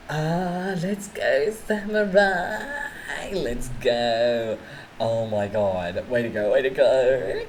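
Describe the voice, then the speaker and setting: A woman's voice: rumbling low, very slow, long pauses, darkish tone, a little hiss or hum, low-quality recording. A woman VTuber streamer with a New Zealand accent, chatting with her viewers in a teasing, giggly, mock-dramatic way. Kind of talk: casual live-stream chat with viewers.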